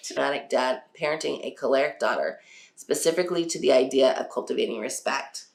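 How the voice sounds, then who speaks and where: A woman's voice: low-pitched, animated, fairly quick, gravelly. A woman hosting a casual parenting talk. She laughs often and acts out quotes from her children. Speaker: podcast host. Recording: echoey room.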